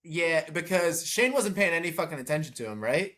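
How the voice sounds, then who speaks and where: A man's voice: on the high side, expressive, a little fast, over a noisy crowd. A man co-hosting a podcast in casual chat, swearing freely and answering with frequent repeated yeahs. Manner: profane, many repeated yeahs. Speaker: podcast co-host.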